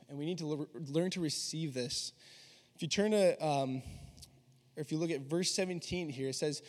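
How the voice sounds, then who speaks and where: A young man preaching with a slightly high voice. He talks in an earnest, conversational way. A long hall reverb trails each phrase. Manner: earnest, conversational, acts out quoted dialogue. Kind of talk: sermon.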